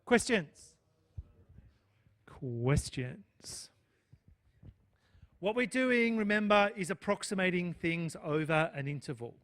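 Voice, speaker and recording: Male math lecturer, high-pitched, chatty and checking in with the class. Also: normal speed, a bit bright. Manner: chatty, checks in with "okay?" and "right?". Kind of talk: live lecture with student questions.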